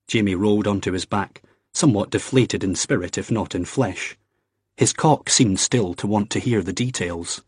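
Low, husky male audiobook narrator. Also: fairly even intonation, normal speed, dry recording, clean studio sound. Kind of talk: scripted narration.

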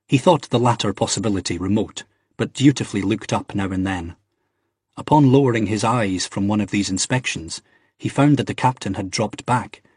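A man reading a novel aloud in a measured, even storytelling manner. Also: fairly low pitch, breathy edge, dry recording, studio quality. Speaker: audiobook narrator. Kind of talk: scripted narration.

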